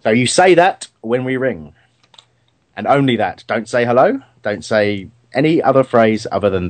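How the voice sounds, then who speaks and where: Man, radio host, rambling, chatty, dry studio sound, mid pitch. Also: animated, normal speed, dry recording. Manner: rambling, chatty, lots of fillers and restarts. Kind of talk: casual radio chat and match review.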